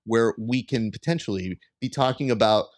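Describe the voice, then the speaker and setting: A man's voice: mid-range voice, normal speed, no echo, studio quality. A man hosting a podcast, joking and playful, with a mock-formal edge to his teasing. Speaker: podcast host. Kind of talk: casual podcast interview.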